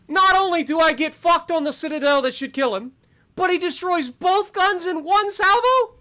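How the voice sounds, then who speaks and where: A man's voice: very high voice, big pitch swings, normal speed, bright, forceful tone. A man streaming a naval battle game live, ranting with heavy swearing and dry sarcasm about his bad luck. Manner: profane, exasperated ranting with sarcasm. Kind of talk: live gameplay commentary.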